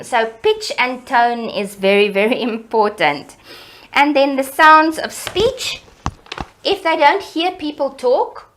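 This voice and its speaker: A middle-aged woman educator, explaining child development in a lively, teacherly way in an interview. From South Africa. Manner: animated, teacherly, varies pitch and loudness for emphasis.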